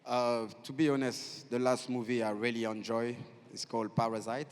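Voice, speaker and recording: A man with a French accent chats on a festival stage, spinning animated stories in halting, restarting phrases. His voice sits in a middle register. The sound carries a long reverb from the hall. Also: medium pitch, smooth. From France. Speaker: festival guest. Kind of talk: on-stage conversation.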